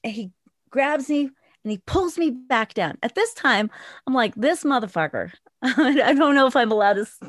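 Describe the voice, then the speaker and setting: A woman with a high-pitched voice talks as a podcast guest, telling animated stories and swearing a lot. Her voice is recorded close and dry, with no room sound. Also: moderate pace, no echo. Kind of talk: casual podcast storytelling.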